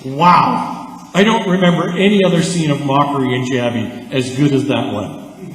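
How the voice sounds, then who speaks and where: A man from Canada preaching a sermon as pastor, conversational and animated, with lively asides. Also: mid-range voice, measured pace. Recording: echoey church hall.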